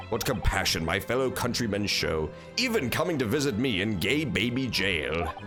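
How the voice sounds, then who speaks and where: A man voicing a paranoid, grandiose Japanese prisoner who speaks in flowery, overwrought phrases. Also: mid-range voice.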